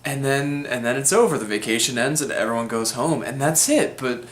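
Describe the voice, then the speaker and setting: A man's voice: medium pitch, fairly quick, a little hiss or hum. Young man, casual film review, rambling with fillers, echoey room. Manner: rambling, chatty, lots of fillers. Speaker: film vlog host. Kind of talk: casual movie review monologue. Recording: roomy echo.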